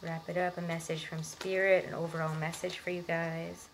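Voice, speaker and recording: A woman's voice: lowish voice, level tone, normal speed, slight background noise, poor audio. A young woman giving a casual, reassuring tarot reading, talking chattily with lots of fillers. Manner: chatty, reassuring, many likes and ums. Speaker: tarot reader.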